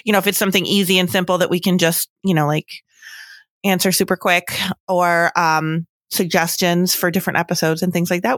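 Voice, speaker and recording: A woman co-hosting a podcast chats casually in a bright, clear, fairly low-pitched voice, animated and full of "like" and "you know." The recording is dry and close to the mic, with no room sound.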